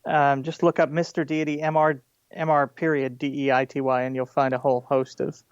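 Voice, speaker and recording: A man's voice: mid-range voice, little pitch movement, brisk, clean tone, dry recording. A man, a video creator, chatting casually as an interview guest and often repeating words while he thinks. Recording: dull dry lo-fi audio.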